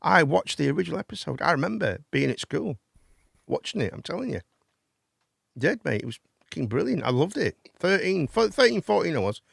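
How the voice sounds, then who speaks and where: A man's voice: a little high, big pitch swings, fairly quick, vocal fry, fairly bright tone, husky, no room sound, clean studio sound. A man, hosting a live chat and phone-in show, rambling and swearing casually. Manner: rambling, chatty, swears casually, calls people mate.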